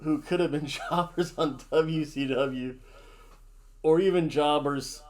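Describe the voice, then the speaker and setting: A man's voice: fairly high pitch, takes it slowly, darkish tone. A man hosting a casual wrestling predictions chat, jokey and theatrical, hamming up wrestler introductions. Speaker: wrestling show host.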